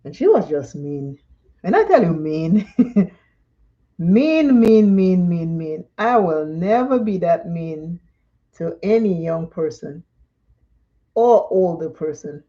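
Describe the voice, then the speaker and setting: A woman's voice: on the low side, very animated, slow pace, dull audio. A woman from Dominica, chatting and telling stories during a live makeup tutorial and laughing often. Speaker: makeup vlogger.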